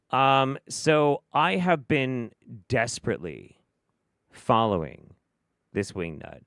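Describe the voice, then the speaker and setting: A man's voice: mid-range voice, a bit bright, no echo. Sarcastic, swearing American man, dry sound. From United States. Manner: sarcastic, profane, mocking. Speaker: host. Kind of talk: commentary on clips.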